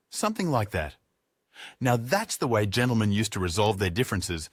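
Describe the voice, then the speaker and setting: Man, audiobook narrator, wry, conversational, lively pitch, dry close sound. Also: breathy edge, no echo. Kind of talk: first-person audiobook narration.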